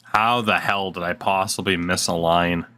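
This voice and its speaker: A man's voice: low-pitched, fairly even intonation, moderate pace, sharp tone, smooth. A man giving casual, sarcastic gameplay commentary at his desk mic. He swears freely and mutters to himself as he plays. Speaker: gaming channel host.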